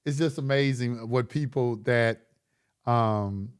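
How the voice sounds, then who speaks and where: Speaking slowly in a clean, mid-range voice, a middle-aged online course host leads a late-night livestream. His blunt, profane talk is preachy and grows more impassioned as he goes.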